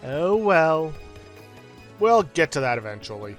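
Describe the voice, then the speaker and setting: A man's voice: on the high side, big pitch swings, unhurried, faint music behind. A man casually commenting on his gameplay, with a self-deprecating, hedging manner. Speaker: let's play host.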